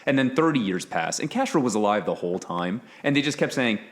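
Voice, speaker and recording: A man's voice: fairly low pitch, animated, brisk, hardly any pauses. A man in a casual podcast chat, telling anecdotes and laughing easily.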